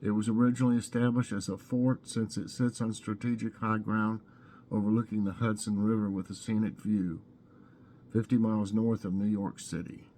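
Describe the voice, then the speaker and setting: Speaking at normal speed in a lowish, warm voice with a level tone, a man from Tennessee reads trivia questions, options and answers aloud on his casual morning vlog, musing and chatting as he goes. There's slight background noise.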